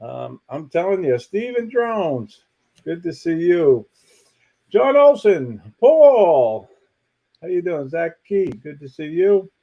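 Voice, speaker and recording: A man's voice: on the high side, big pitch swings, takes it slowly, gravelly. A chummy man with a dull, lo-fi sound. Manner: chummy, greets viewers by name. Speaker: co-host. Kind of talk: casual livestream chat.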